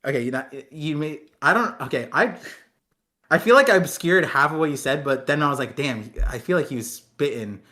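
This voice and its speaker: A man in his thirties chatting on a podcast with a bright, forceful voice that sits a little high. He rambles, trips over his words and laughs often as he jokes with his co-host. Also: animated. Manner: laughing, rambling, quick jokey asides. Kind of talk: casual chat.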